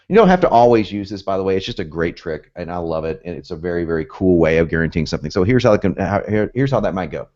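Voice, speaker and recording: Lively low-voiced man with a Southern lilt. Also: fast talker, muffled recording. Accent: Southern US with some Northern. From United States, both North and South. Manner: emphatic and pumped up, with frequent repetition and asides. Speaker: copywriting course instructor. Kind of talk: energetic teaching talk.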